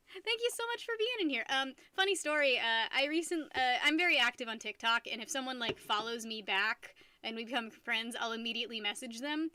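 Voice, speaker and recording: A woman's voice: fairly high pitch, lively intonation, brisk, pushed and bright, no room sound. A young American woman streaming live, chatting casually with her viewers in a giggly, rambling way that keeps restarting sentences. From United States.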